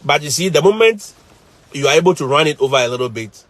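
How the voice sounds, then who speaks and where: Animated man storytelling. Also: on the high side, fast talker, no room sound. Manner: animated storytelling, laughs often, repeats phrases. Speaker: teacher and vlogger. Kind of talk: casual live-stream chat.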